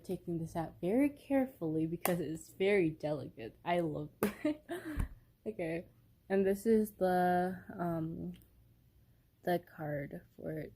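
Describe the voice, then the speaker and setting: A woman's voice: fairly low pitch, mellow, slight background noise. A young woman filming a casual unboxing vlog on her phone at home, giddy and giggly, rambling with lots of fillers. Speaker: vlogger. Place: upstairs room at home. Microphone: phone held by the speaker.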